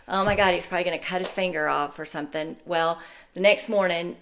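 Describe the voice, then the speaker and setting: Bright-voiced older woman telling stories. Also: lowish voice, quick pace, slight background noise. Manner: animated storyteller, laughs often, acts out quotes loudly. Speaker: podcast host. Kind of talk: casual chat, storytelling.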